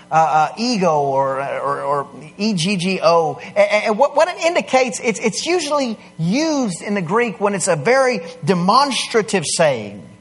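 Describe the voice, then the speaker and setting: A man preaching a sermon, swinging from quiet asides to loud, emphatic declarations. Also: fairly high pitch. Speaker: pastor.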